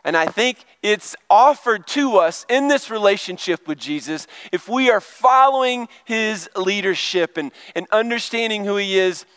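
A man's voice: high-pitched, lively intonation, normal speed, hardly any pauses, a bit bright, smooth, dry recording. A middle-aged male pastor giving a chatty, conversational sermon and asking the congregation questions. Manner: chatty, asks the crowd questions.

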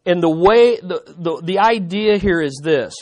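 High-voiced man preaching emphatically. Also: lively intonation, a little slow, darkish tone. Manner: emphatic, repeating rhetorical questions. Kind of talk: sermon.

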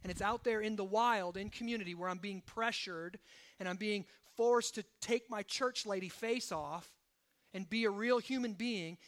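A male pastor delivering a sermon in a noticeably high voice. He drops to a hushed, low intensity for emphasis, then climbs to loud, urgent exhortation. He peppers his points with rhetorical questions and frequent "right?" asides. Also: moderate pace. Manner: asks the congregation rhetorical questions, often adding "right?".

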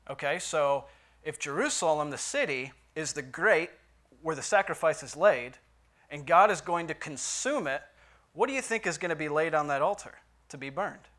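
Bible teacher man, lightly high voice. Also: expressive, moderate pace, fairly bright tone. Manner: conversational, asks the listeners questions, reads scripture aloud with emphasis. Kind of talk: Bible study lesson.

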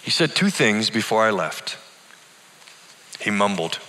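A middle-aged man, a pastor, telling a personal story in an earnest, deliberate and emotional way, like a sermon. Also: fairly low pitch, very animated, sharp tone. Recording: long hall reverb.

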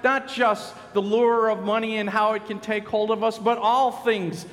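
A man preaching a sermon in an earnest, measured way, telling a story and quoting voices along the way. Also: high-pitched, little pitch movement, fairly bright tone, long reverb tail. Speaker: pastor.

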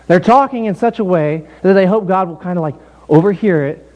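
A man preaching a sermon as pastor in a relaxed, conversational way, telling the story with lively asides. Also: high-pitched, fairly quick, muffled recording. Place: church building.

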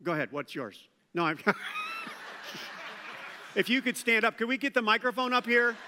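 A man preaching a sermon as pastor, animated and acting out quoted voices. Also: very high-pitched, unhurried, background noise. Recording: long hall reverb.

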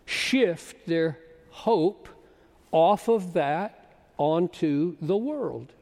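A man in his seventies preaching a sermon as a pastor, slow and emphatic, rising to loud bursts. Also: on the high side, expressive. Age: 70s. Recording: long reverb of a large hall.

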